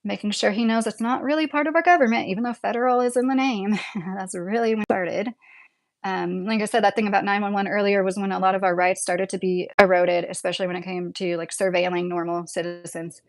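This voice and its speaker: A woman's voice: medium pitch, fairly even intonation, fast talker. A woman in her thirties or forties with a Midwestern accent, rambling casually as she hosts a livestream and reads chat, laughing often. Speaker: livestream host reading chat.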